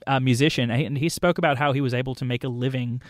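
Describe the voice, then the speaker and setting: A man's voice: medium pitch, fairly even intonation, fast, dry recording, studio quality. A man hosting a casual film chat, rambling and correcting himself as he talks. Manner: rambling, digressive, self-correcting.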